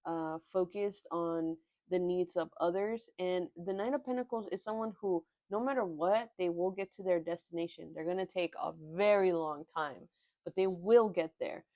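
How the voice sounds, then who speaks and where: A young woman giving a tarot reading in an earnest, halting way, often moved by what she says. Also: fairly low pitch, dark tone, no echo, highs cut off. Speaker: tarot reader. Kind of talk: pick-a-card tarot reading.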